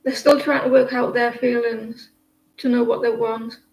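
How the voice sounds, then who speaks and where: A woman's voice: a little high, flat delivery, moderate pace, vocal fry, darkish tone. A woman giving casual tarot readings on a live stream, chatty and rambling, often laughing. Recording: echoey room, faint noise.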